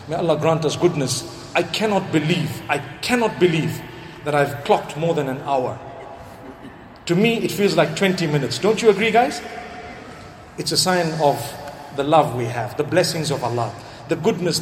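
High-voiced preacher in an echoey hall. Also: male voice, expressive, normal speed, a little hiss or hum. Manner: storytelling with Arabic quotations and prayers. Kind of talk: sermon. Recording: echoey hall with faint ambience.

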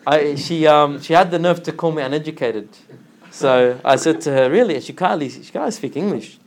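A man giving an informal religious talk, telling a story with lively acted-out dialogue and frequent laughter. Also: on the high side, normal speed, a little hiss or hum. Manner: animated storytelling, acts out dialogue, laughs often. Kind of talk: informal religious lesson with anecdote.

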